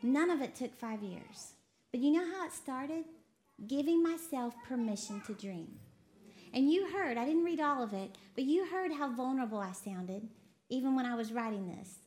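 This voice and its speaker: A woman from Texas preaching a lively sermon, laughing often and quoting voices as she talks. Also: high voice, moderate pace. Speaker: preacher co-hosting a broadcast. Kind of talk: sermon to a women's audience.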